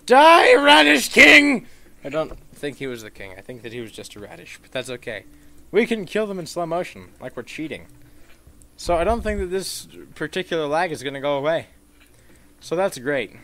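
A man giving gameplay commentary, swearing freely and swinging into mock-outraged rants and sudden shouts. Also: mid-range voice, slight background noise.

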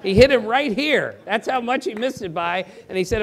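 Middle-aged male sports reporter, speaker at a theater event, animated and emphatic, slightly high voice. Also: creaky. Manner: animated, emphatic, quick bursts of speech. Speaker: sports reporter giving a talk. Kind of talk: anecdotal storytelling presentation. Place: theater auditorium.

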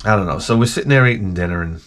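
A man's voice: lowish voice, rapid-fire, a bit bright. A middle-aged man telling rambling, self-mocking stories with casual swearing as a video host.

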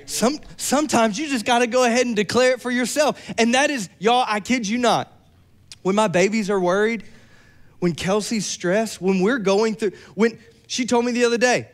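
A young adult man preaching a sermon, lively and joking with playful asides. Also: sits high, normal speed. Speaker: pastor.

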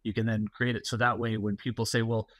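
A man's voice: fairly low pitch, little pitch movement, fast, fairly bright tone, no room sound. A middle-aged man, a guest security executive, talking casually and explaining at length with many fillers and anecdotes. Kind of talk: casual interview talk.

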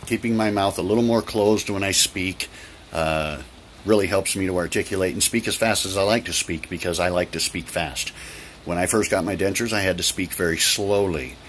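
A man's voice: sits low, normal speed, a bit bright. A man vlogging casually by an open door while it rains, chatty and repetitive with many ums. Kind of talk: casual talk to camera. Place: indoors by an open door, rain outside. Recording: light rain noise behind. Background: rain.

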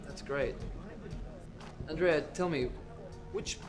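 A man's voice: fairly high pitch, slow pace. Man playing a hesitant, puzzled date. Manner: hesitant, with ums.

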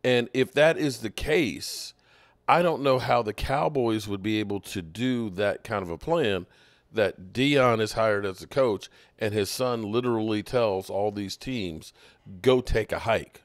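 A man with a fairly low voice hosts a sports show in casual commentary. He works through his points aloud, restarting as he goes. The sound is close and dry, with little room around it. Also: a little slow, no echo. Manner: conversational, thinking aloud with restarts. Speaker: sports podcast host.

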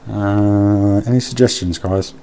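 Male streamer, deep voice, easygoing chat with viewers, thinks aloud, faint background noise. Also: fairly even intonation, slow pace, warm tone. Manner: chatty, reads and answers chat aloud, mutters while working. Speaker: live streamer. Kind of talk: casual live-stream chat while building in a game.

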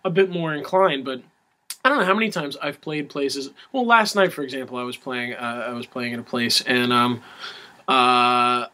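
Bright-voiced man, halting chatty talk. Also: medium pitch. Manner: halting, many restarts. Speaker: musician guest. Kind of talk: casual interview chat.

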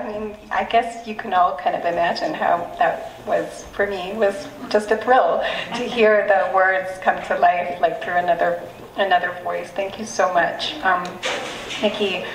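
A woman's voice: mid-range voice, a little hiss or hum. Woman poet speaking hesitantly in echoey room. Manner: hesitant, halting and emotional. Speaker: poet introducing her work. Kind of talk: live poetry reading remarks. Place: live reading event in a room. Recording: echoey room, mic at a distance, faint ambience.

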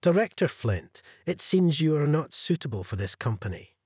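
A man's voice: on the high side, big pitch swings, normal speed, a little mellow, breathy edge, no echo, studio quality, full character voice. A man voicing a stern company president. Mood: formal.

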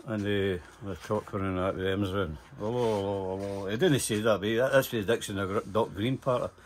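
A man's voice: fairly low pitch, steady tone, brisk, a little hiss or hum. Older Scottish man, rambling and profane. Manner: rambling, profane, full of "eh" fillers. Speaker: interviewee telling stories. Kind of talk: casual storytelling.

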